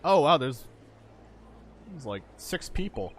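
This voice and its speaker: Casual, swearing game streamer. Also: male voice, on the high side, sing-song, slow pace, a little hiss or hum. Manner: swearing, self-mocking asides.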